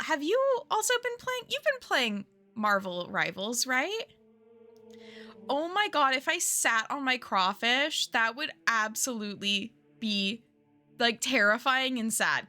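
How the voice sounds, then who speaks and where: A woman's voice: a little high, sharp tone. A young woman streaming from home, chatting casually with viewers in a giggly, rambling way. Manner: chatty and giggly, lots of likes and you knows. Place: at home, indoors.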